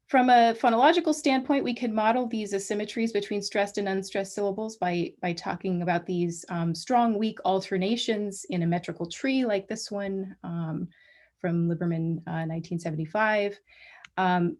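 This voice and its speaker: A woman giving an academic colloquium talk over a video call, measured and full of small restarts. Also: lowish voice, a little mellow. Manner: measured, many ums and restarts. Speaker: guest lecturer.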